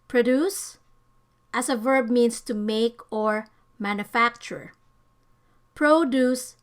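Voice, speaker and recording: A woman with a fairly high voice reads a scripted vocabulary lesson. She speaks carefully and deliberately, leaning on each example word as she defines it. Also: a bit bright. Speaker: English teacher.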